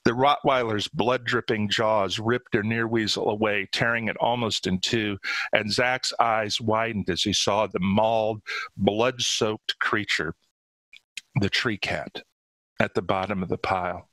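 A man reads his own short story aloud in steady, dramatic narration. His voice is low and forceful. The sound is close and dry. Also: a little slow, no room sound, poor audio. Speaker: author.

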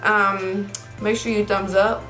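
A woman's voice: medium pitch, flat delivery, slow pace, sharp tone, faint music behind. A woman talking casually to her viewers in a haul vlog, chatty and saying y'all often. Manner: chatty, says y'all a lot. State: out of breath. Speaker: vlogger.

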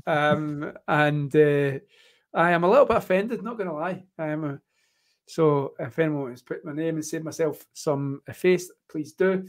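A man's voice: fairly high pitch, moderate pace. A man with a Scottish accent hosting a casual live tennis watchalong, chatty and joking, rambling with plenty of fillers. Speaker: host.

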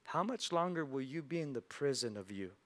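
A man's voice: mid-range voice, lively intonation, fairly quick, fairly bright tone. A male pastor giving a sermon in a church, telling a story and acting out its characters' lines. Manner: storytelling with acted-out voices.

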